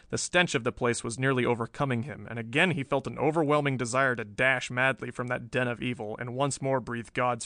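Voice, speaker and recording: Male audiobook narrator, mid-pitched, measured pulp-thriller read, dry booth sound. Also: sharp tone, no echo.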